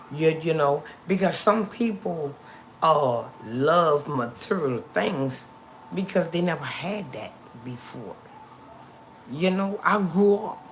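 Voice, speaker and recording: A woman's voice: sits low, fairly bright tone, slight background noise. A middle-aged woman hosting a casual livestream, chatting to her viewers and repeating lines for emphasis, recorded on a phone. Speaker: livestream host.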